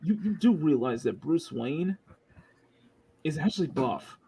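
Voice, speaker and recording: A man's voice: on the high side, animated, unhurried, a crowd in the background. A man hosting a casual live stream chat, joking, laughing often and restarting his sentences. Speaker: host.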